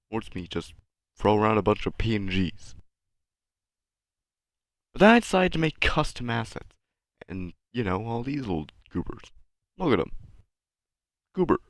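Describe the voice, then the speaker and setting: A man's voice: lowish voice, dry recording. A young man hosting his own video, rambling casually and sarcastically about his project while a bit sick with a cough. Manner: self-deprecating, rambling, sarcastic. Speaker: channel host. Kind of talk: casual rambling commentary over his animation.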